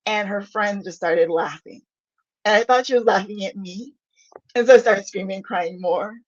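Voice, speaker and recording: A woman's voice: mid-range voice, normal speed, no room sound, highs cut off. A middle-aged woman co-hosting a podcast, speaking earnestly as she closes out the show with a personal story. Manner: earnest, laughing through tears as she tells her story. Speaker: podcast co-host. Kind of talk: heartfelt personal closing remarks.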